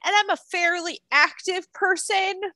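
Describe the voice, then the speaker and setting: A woman in her thirties co-hosting a podcast over a remote call, chatting casually and telling stories with lively acted-out voices. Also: extremely high pitch, measured pace, no echo. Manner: animated storyteller, acts out voices, laughs often. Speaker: podcast co-host. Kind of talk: casual chat. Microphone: headphones over a video call.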